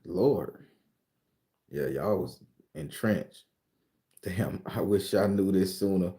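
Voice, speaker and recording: A man from Florida, hosting a casual live chat and telling stories in a profane, animated way. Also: low voice, slow. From southern Florida. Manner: profane, animated storyteller reading out viewer comments. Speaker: host.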